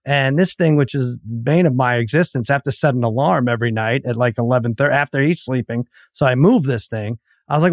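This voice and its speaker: A man's voice: medium pitch, quick pace, dry recording, clean studio sound. A middle-aged man co-hosting a podcast, telling a rambling story in casual chat and acting out the quotes. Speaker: podcast co-host.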